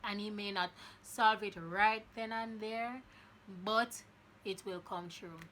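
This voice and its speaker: A woman's voice: medium pitch, fairly even intonation, slow pace, bright, forceful tone, slight background noise. A young woman hosting a podcast, talking earnestly and encouragingly and telling a story with frequent restarts. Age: young adult. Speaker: podcast host. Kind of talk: casual podcast monologue.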